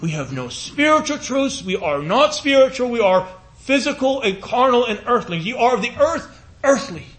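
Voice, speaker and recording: This sermon comes from a man whose voice is very high and swings widely in pitch. His delivery is earnest and pleading; he circles back over phrases and slows to a near whisper for the scripture passages.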